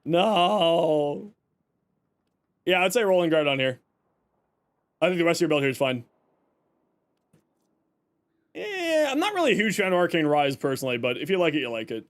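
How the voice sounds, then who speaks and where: A man from Canada hosts a live stream, talking casually and reading his chat. He jokes, groans and complains with playful exasperation. His voice sits fairly high for a man. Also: very animated, normal speed, pauses often. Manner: chatty, exasperated, joking, reacts to chat.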